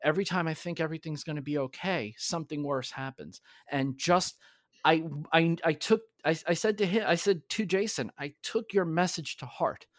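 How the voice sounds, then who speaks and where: A man's voice: a little high, dry recording. A man speaks candidly and earnestly, his sentences breaking off and starting again. The sound is dry and close, with no room around it. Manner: earnest, halting with restarts. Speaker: podcast guest. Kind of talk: candid conversational storytelling.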